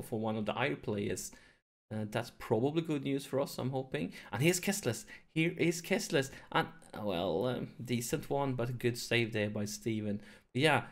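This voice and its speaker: A man hosting a let's play, commentating his football management game, nervous and excited, keeping his voice down at home late in the evening. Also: fairly low pitch. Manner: excitable, nervous, talks to viewers; deliberately holds his voice down to avoid waking neighbors.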